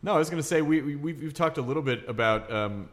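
A man's voice: on the high side, fairly bright tone. A man hosting a casual comedy podcast, joking around and trading crude jokes. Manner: quick, playful, reads old joke book aloud. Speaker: podcast host. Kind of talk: casual chat.

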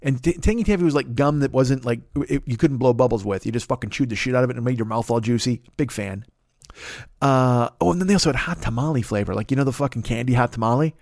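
At medium pitch and a quick pace, a fifty-something podcast host tells a crude, rambling comic monologue with animated energy. The studio-quality audio has no echo.

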